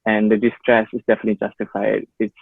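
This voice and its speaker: Fast, flat-voiced man on a tinny line. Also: lowish voice, vocal fry, no room sound. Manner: quick, flat, leans on "you know". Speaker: interviewer. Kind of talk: casual interview talk.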